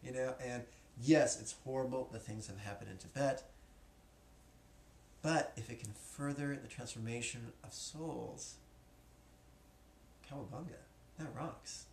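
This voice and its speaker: A man's voice: medium pitch, fairly even intonation, a little slow, a little mellow. A man teaching as a spiritual teacher, joking and casual, in a classroom. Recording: echoey room, faint noise.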